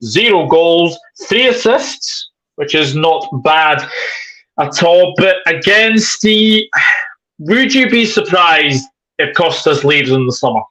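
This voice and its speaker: A man's voice: a little high, expressive, slow pace, sharp tone, low-quality recording. A man hosting a live football chat stream, reading viewer comments aloud in a chatty way. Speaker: host.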